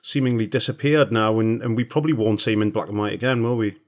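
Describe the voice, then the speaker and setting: A man's voice: fairly low pitch, steady tone, fast. A man hosting a casual football podcast, chatty and upbeat as he leads the talk. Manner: chatty, wraps up with upbeat sign-offs. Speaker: podcast host.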